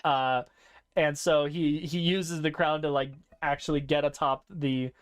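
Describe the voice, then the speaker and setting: A man's voice: fairly high pitch, steady tone, a little slow, clear, resonant tone. A man hosting a podcast in casual chat, animatedly retelling a story and acting out its characters. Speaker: podcast host.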